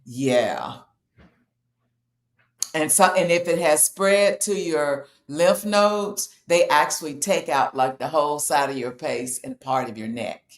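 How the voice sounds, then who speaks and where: A woman's voice: deep voice, slow, echoey room. A woman explaining a health topic in a casual, matter-of-fact way, as host of a talk show. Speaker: health educator.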